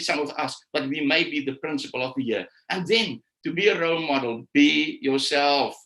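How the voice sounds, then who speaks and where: A man gives a motivational talk to teachers in a bright, forceful, fairly high voice. He repeats his key phrases and slows right down to press a point home, like a preacher. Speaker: conference speaker. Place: live stream session.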